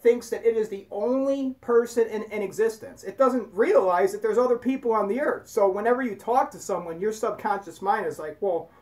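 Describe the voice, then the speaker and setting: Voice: medium pitch, a little fast, few pauses, a little mellow. A host giving casual spoken commentary in a blunt, profane, rambling way. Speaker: video host.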